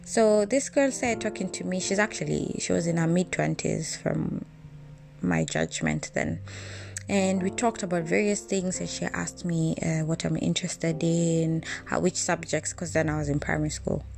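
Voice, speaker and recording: Podcast host from Kenya: woman with a low, gravelly voice, candid and reflective, faint music underneath. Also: fairly even intonation, normal speed, darkish tone. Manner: candid, reflective, with frequent restarts. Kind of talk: personal storytelling.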